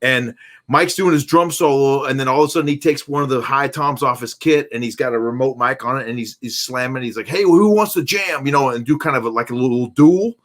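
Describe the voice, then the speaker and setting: Male podcast host, enthusiastic, conversational, mid-pitched voice. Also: fairly even intonation, quick pace, fairly bright tone. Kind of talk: casual chat.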